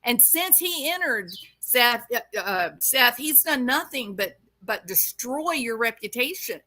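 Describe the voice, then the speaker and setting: A woman's voice: a little high, expressive, a little slow, pushed and bright. A woman from the Arkansas-Louisiana hill country, scolding and preaching at someone she speaks to directly. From American South, Arkansas-Louisiana area. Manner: scolding, preachy, addresses her subject directly. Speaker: commentary channel host. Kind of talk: opinionated commentary monologue.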